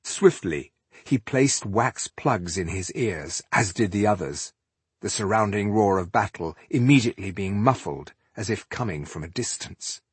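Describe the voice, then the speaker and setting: A man narrating a fantasy novel as an audiobook in a steady, measured storytelling manner. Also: lowish voice, husky, no room sound.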